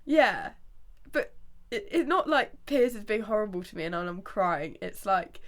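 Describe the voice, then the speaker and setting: A woman in her late twenties chats on a podcast with a congested, stuffy voice. She rambles freely, leans on "like" and breaks into laughter often, at a middling pitch. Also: big pitch swings, unhurried. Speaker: podcast co-host. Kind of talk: casual chat.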